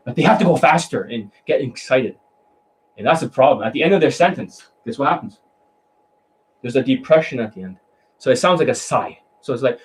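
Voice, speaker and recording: A man with an ordinary mid-range voice, lecturing as a dating coach. He is blunt and swears freely. He mocks his students and slips into quick imitations to show what he means. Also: mid-range voice, expressive, poor audio. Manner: profane, mocking, blunt; mimics voices to demonstrate. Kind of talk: coaching monologue.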